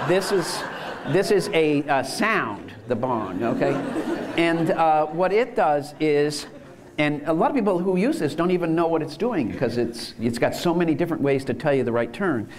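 A man's voice: a little high, slight background noise. A man giving an enthusiastic conference lecture, chuckling as he explains ideas. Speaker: lecturer on universal design.

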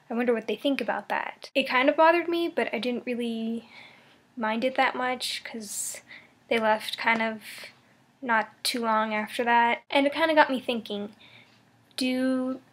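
A woman's voice: on the high side, fairly bright tone. A young woman talking casually to camera in a vlog, sharing her thoughts in a rambling, thoughtful way with many fillers and restarts. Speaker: vlogger.

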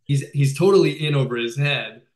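A man's voice: on the high side, normal speed. A male film director in a casual video-call interview, talking enthusiastically with many fillers and restarts. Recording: roomy echo.

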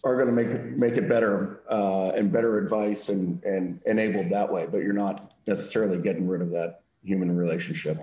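A man with a very deep, mellow voice speaking in a relaxed, conversational way as an executive on a panel. The sound is dull and echoes around the room. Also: a little fast, few pauses. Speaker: venture capital executive. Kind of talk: panel discussion answers.

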